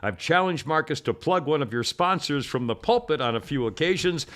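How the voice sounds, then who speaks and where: A middle-aged man with a slightly higher-pitched voice, hosting a podcast in a loose, chatty way. He rambles, stops and restarts himself, and laughs often as he tells his stories. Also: animated, fairly quick, a bit bright. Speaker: podcast host. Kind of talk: casual rambling chat.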